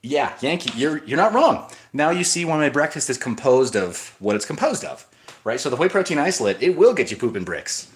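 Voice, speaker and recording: A man's voice: a little high, very animated, a little fast. A man hosting a casual livestream, talking in a rambling way, answering viewer comments and often restarting his sentences. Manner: rambling, with frequent restarts and asides. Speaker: livestream host.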